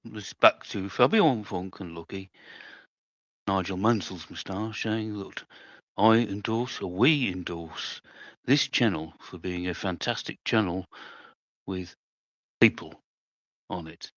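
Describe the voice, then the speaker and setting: A man voicing a talking moustache of a famous racing driver, in a slow, mock-solemn announcer delivery. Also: low-pitched, a bit bright, no room sound, muffled recording, voice pushed down.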